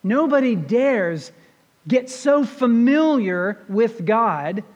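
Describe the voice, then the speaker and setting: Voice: medium pitch, expressive, slow, a little mellow, lo-fi sound. A pastor preaching a sermon, retelling a scripture story in a conversational way and putting rhetorical questions to the congregation. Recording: long reverb of a large hall.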